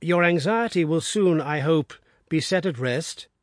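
A man voicing a composed, keen gentleman detective in an audiobook, measured and inquiring. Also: fairly high pitch, lively intonation, no echo, studio quality, voice pushed up. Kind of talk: audiobook character reading.

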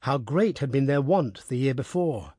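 A man narrating a story aloud in a measured, even manner. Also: medium pitch, husky, no echo, studio quality. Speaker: audiobook narrator. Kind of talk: scripted narration.

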